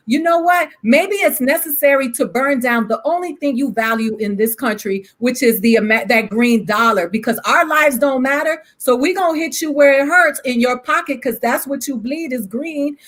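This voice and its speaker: A woman from Miami speaks as a guest on a discussion panel. Her voice sits fairly high, and she drives her points home with fierce emphasis and a string of rhetorical questions. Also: moderate pace, hardly any pauses, fairly bright tone. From Miami, Florida.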